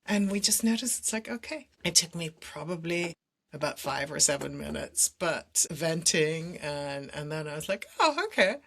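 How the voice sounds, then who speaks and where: Candid lower-voiced woman telling stories. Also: moderate pace. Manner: animated, acts out her own dialogue, laughs between phrases. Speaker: podcast guest, somatic coach. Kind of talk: candid personal storytelling.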